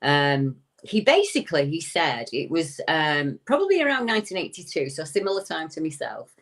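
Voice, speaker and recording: A woman with a deep, low-set voice tells a story as an interview guest. She relays a witness's account in a conversational way and slips into his quoted words to act them out. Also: very animated, moderate pace. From United Kingdom. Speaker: guest recounting a witness's encounter.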